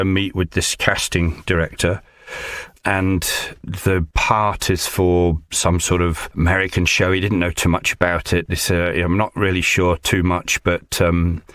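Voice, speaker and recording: A man's voice: low-pitched, a bit bright, no echo. A man, an actor and audiobook narrator, telling a chatty story about an audition as an interview guest, with easy fillers. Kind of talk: storytelling anecdote.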